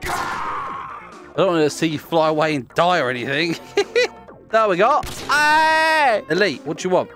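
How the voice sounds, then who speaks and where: A man's voice: fairly high pitch, big pitch swings, moderate pace, vocal fry, pauses often, fairly bright tone, faint music behind. A young man hosting a gaming video, giggling and teasing players as he plays. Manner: giggly, teasing, laughs often. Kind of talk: playful gameplay commentary.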